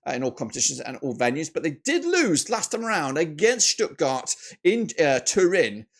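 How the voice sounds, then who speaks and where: A man with a fairly high voice runs through football predictions. His delivery is animated, jumping up and down in pitch and loudness. He fills gaps with filler words and corrects himself mid-sentence. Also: moderate pace. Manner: chatty, with filler "uh"s and self-corrections. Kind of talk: casual match-prediction commentary.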